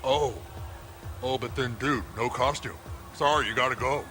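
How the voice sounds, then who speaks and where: An actor playing Satan as an awkward, laid-back party host in a comedy sketch. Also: male voice, mid-range voice, normal speed, sharp tone, faint music behind, natural voice. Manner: slack, awkward dude talk.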